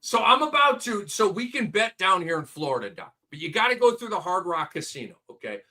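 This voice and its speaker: A man's voice: high voice, very animated, brisk, pushed and bright. A man hosting a casual sports betting chat, talkative and emphatic. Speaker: host.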